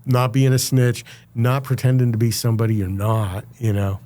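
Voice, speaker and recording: A man speaking as a podcast guest, telling his story in a casual, animated way, acting out what others said and using lots of fillers. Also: medium pitch, moderate pace. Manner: animated, acts out quoted voices, many fillers.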